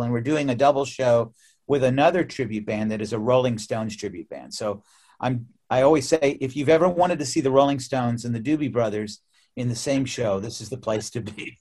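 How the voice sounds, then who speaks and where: Chatty American man telling stories. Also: mid-range voice. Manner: animated, repeats words as he restarts, laughs often. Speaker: musician guest. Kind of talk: casual interview storytelling.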